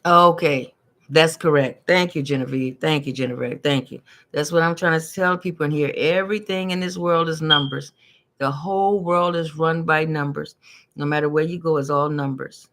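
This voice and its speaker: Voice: medium pitch, steady tone, moderate pace, a bit bright. A tarot and numerology reader talking casually to live-stream viewers, chatty and repetitive, tripping over hard words and laughing at their own slips.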